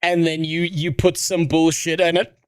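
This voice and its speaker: A man's voice: a little high, level tone, moderate pace, clear, resonant tone, no room sound, clean studio sound. A man streaming casual reaction commentary, rambling and sarcastic with a lot of swearing.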